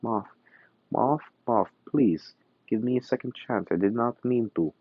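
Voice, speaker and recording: A man's voice: medium pitch, unhurried, husky, no echo, pitched above the performer's own voice. A man voicing a male gang boss in a put-on Russian accent, sometimes boastful, then pleading and jittery. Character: male yakuza gang boss, nervous and groveling. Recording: dull, dry recording.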